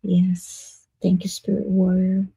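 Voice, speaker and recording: Mellow, husky woman co-host. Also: fairly low pitch, completely flat delivery, takes it slowly, no room sound, poor audio. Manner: soft, brief and affirming. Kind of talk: live-stream chat.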